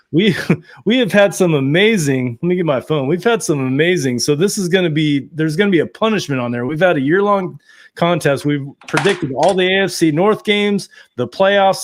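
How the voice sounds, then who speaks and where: A man with a slightly higher voice hosts a loose sports podcast chat. He jokes his way through a fan contest and its punishments. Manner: joking, running a contest segment. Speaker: podcast host. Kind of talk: casual chat.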